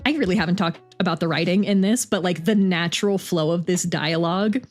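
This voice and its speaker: A young adult woman streaming, reading a story aloud and reacting to it excitedly, swearing casually as she goes. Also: on the low side, fairly quick, faint music behind. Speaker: VTuber streamer.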